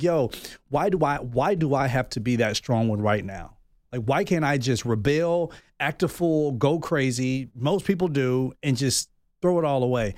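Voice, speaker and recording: A man in his thirties, heard as a guest in a candid, personal conversation. He talks openly and reflectively, working out his thoughts aloud at a middle pitch. The sound is dry and close, with no room around it. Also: animated, normal speed, darkish tone, no echo. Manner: open, reflective, thinks aloud. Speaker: podcast guest.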